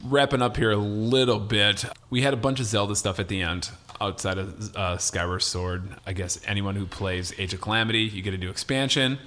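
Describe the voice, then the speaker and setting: Bright-toned man hosting a podcast. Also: lowish voice, steady tone, brisk, few pauses, a little hiss or hum. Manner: hesitant, many fillers, laughs easily. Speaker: podcast host. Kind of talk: casual gaming podcast chat.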